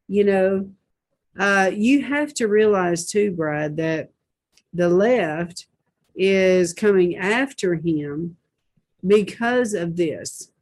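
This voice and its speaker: A woman's voice: mid-range voice, drawn-out words. A woman hosting a Christian talk show, reading posts aloud and commenting with indignant rhetorical questions.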